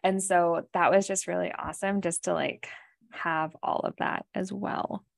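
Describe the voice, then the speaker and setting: A woman's voice: fairly low pitch, fairly even intonation, unhurried, creaky. A woman from Canada chatting on a podcast, telling a story in a rambling way, full of "like" and "right?". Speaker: podcast co-host. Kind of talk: casual chat.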